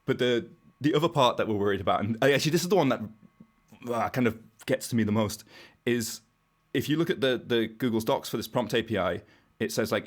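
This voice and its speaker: A man's voice: mid-range voice, a little fast. A British man, a guest on a podcast, explaining technical ideas in a casual, wry way and thinking aloud as he goes. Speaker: podcast guest, browser engineer.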